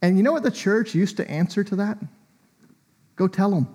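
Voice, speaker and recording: A man's voice: sits high, moderate pace, a little mellow, husky. A man preaching a sermon in a church, talking in a conversational, reflective way with small asides and fillers.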